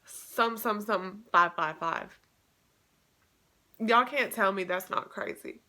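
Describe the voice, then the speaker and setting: A woman's voice: medium pitch, takes it slowly, pushed and bright. A young woman telling a story in a casual vlog, chatty and emotional, with many restarts. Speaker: vlogger.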